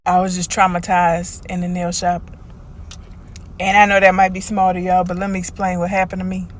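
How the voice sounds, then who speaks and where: A woman's voice: on the low side, completely flat delivery, moderate pace, a little hiss or hum. Brash, slangy woman telling a storytime. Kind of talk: storytime vlog.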